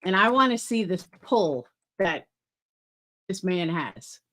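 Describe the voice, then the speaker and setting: A woman's voice: lowish voice, animated, slow, a bit bright. A woman hosting reaction commentary, making incredulous, wry asides. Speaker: commentary host.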